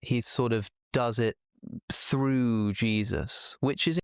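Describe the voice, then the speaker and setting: A man in a debate clip, speaking in a measured, deliberate way. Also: medium pitch, fairly even intonation, clean tone, dry recording, clean studio sound. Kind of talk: thoughtful debate talk.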